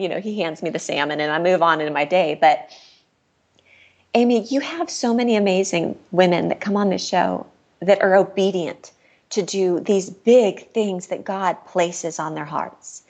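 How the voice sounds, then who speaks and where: A woman's voice: lowish voice, normal speed. A middle-aged woman, a podcast guest, telling a personal story in a candid, earnest way and laughing now and then. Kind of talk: personal storytelling in casual chat.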